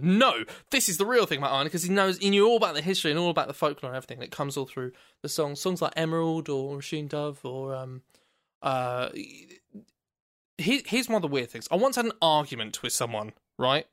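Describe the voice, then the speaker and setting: A man's voice: on the high side, lively intonation, quick pace, fairly bright tone, no echo, studio quality. A British man co-hosting a podcast, rambling enthusiastically about music in casual chat. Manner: rambling, enthusiastic, laughs often. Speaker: podcast co-host.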